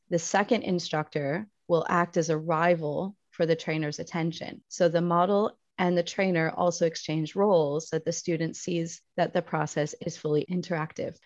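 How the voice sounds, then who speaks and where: A woman's voice: on the low side, no echo. A woman teacher explaining a psychology topic in a casual, explanatory way with playful asides. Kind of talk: recorded psychology lesson. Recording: dull dry recording.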